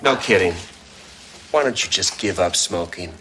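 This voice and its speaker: A dry, teasing wisecracker. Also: male voice, low-pitched, lively intonation, moderate pace, bright, forceful tone, slight background noise, poor audio. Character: wry, dry-witted man, a teasing father. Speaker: sitcom lead. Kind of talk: studio sitcom acting.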